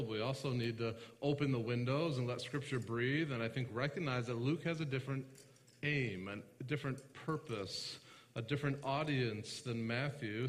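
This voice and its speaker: A man preaching a sermon as pastor, talking with the congregation and asking them questions, slowing down when reading scripture and often clearing his throat. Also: mid-range voice, long reverb tail. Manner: conversational, asks the congregation questions; slows down to read scripture aloud.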